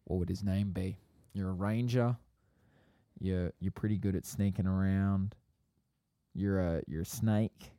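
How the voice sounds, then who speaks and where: A man hosting a casual podcast, talking in an easygoing, drawn-out way. His voice is mellow and smooth, a little low. It sounds dry and close to the mic. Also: steady tone, dry recording. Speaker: podcast host and game master. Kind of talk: casual chat.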